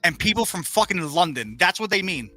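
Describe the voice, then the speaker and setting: A man's voice: high voice, very animated, fairly quick, sharp tone, dry recording, faint music behind. A man co-hosting a casual talk show, swearing often and reading articles aloud with sarcastic jabs. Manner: profane, sarcastic, reads articles aloud mockingly. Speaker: podcast co-host.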